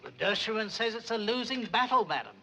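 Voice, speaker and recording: Sitcom: a prim butler, high and crisp, dryly polite. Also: male voice, animated, brisk, bright, forceful tone, a little hiss or hum, heavily acted, rough recording. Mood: formal. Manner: formal, stiff-upper-lip politeness. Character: stiff formal butler, dry and timid. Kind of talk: 1960s sitcom acting.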